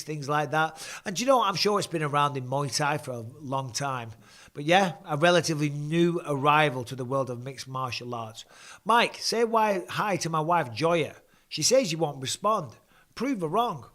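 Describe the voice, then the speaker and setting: A man's voice: on the high side, fairly bright tone. A middle-aged man, chatting casually and swearing freely as he hosts a live fight watch-along. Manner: chatty, swears casually, reads out viewer comments. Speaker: host and former fighter.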